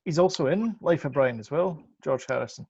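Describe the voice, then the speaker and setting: A man's voice: fairly high pitch, animated, fairly quick, gravelly, darkish tone, breathy edge, no room sound. A man co-hosting a podcast, chatting casually. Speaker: podcast co-host. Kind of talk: casual chat. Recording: dry, dull lo-fi sound.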